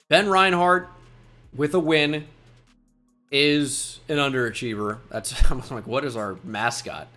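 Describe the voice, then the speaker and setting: A man commentating a football video game as he plays, musing quietly and then shouting at big plays. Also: mid-range voice. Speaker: gaming YouTuber. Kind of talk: gameplay commentary.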